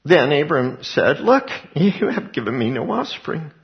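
Older man, gravelly voice, conversational sermon, lo-fi recording. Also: a little high, very animated, a little slow. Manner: conversational Bible teaching with personal asides and laughs. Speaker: pastor.

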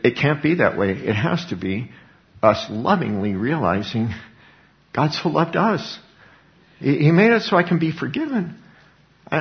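A man preaching a sermon, emphatic, with rhetorical questions and repeated words. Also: on the low side. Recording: dull lo-fi recording.

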